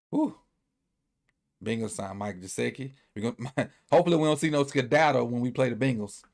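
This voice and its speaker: An easygoing sports commentator with a medium-pitched voice and vocal fry rambles through a sports recap. He speaks loosely, repeats himself, and thinks aloud as he goes.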